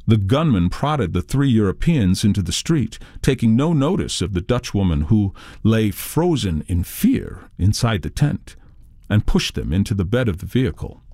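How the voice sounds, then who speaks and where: Brief: male audiobook narrator, measured journalistic read, lively intonation, dry close. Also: fairly low pitch, no echo. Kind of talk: scripted nonfiction audiobook narration.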